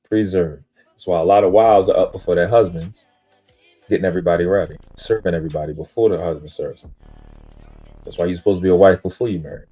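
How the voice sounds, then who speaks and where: A man with a very low, dark voice delivers an emphatic, preachy monologue on a live stream. He speaks, swears casually and boasts about himself. Faint music sits in the background. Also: slightly rough. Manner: self-aggrandizing, spiritual teaching tone.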